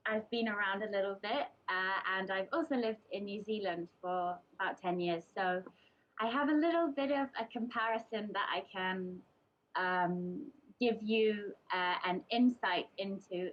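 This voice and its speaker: A young woman from England giving a casual, chatty presentation to a group, hesitating often with ums and restarts. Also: medium pitch. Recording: dull lo-fi recording.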